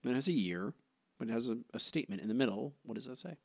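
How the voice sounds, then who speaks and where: Male co-host, mid-pitched, dry close sound, teasing and rambly, lots of ums. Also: animated, fast talker, gravelly, darkish tone, slightly rough, no echo. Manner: teasing, rambling with many fillers. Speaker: podcast co-host. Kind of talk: casual trivia chat.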